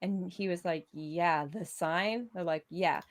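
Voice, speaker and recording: A woman's voice: lowish voice, slow, slight background noise. A woman co-hosting a casual podcast, telling a spooky story with lots of laughs and loose swearing. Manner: animated, laughing, swearing freely. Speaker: podcast co-host.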